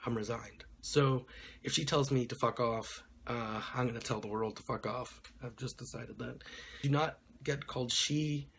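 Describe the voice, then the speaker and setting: A man's voice: mid-range voice, fairly even intonation, normal speed, gravelly, fairly bright tone, slight background noise. A young man talking casually to his camera in a small dim room, rambling and blunt with plenty of swearing. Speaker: vlogger. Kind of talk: casual vlog update.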